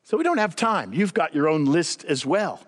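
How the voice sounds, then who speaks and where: An older man preaching a sermon as a guest speaker, conversational and animated, driving points home by repeating them. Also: fairly high pitch, normal speed, breathy edge.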